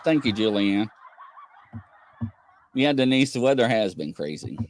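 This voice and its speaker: A man co-hosting a casual livestream, chatting with viewers in an animated way and often laughing as he acts out conversations. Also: a little slow. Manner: animated, laughing, acts out quoted exchanges in a higher voice. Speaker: livestream co-host.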